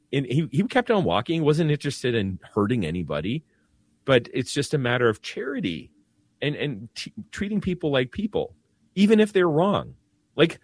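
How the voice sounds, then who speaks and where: This Catholic priest has a mid-range voice, recorded with no room sound. Earnest and animated in casual conversation, he keeps breaking off and starting his sentences over.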